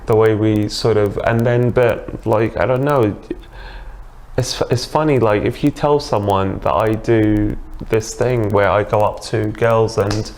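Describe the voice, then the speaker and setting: A man's voice: fairly low pitch, fairly even intonation, unhurried, a little mellow. A man with a British accent, a guest in a casual interview, chatty and enthusiastic, explaining with examples. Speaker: dating coach guest.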